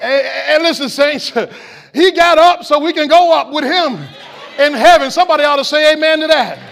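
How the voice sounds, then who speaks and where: Some chatter sits behind a pastor whose very high-pitched, creaky voice moves at a moderate pace. Preaching an impassioned Easter-style sermon in a church sanctuary, he shouts out to the congregation in call-and-response.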